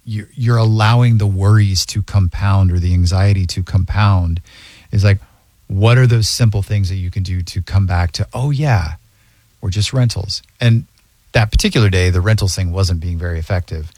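Co-host, male, low voice, earnest and open, dry close sound. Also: steady tone, normal speed, darkish tone, no echo. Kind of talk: casual conversation.

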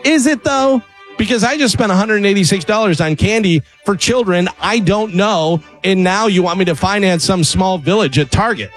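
Man, radio regular, sarcastic comic rant voice, slightly high pitch, faint music bed. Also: normal speed. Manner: sarcastic, punchline-driven. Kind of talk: comedic rant.

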